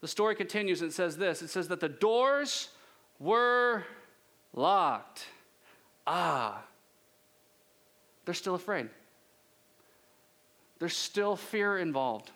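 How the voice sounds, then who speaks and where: A male pastor preaching a conversational sermon with rhetorical questions and drawn-out pauses. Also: high voice, very animated, a bit bright.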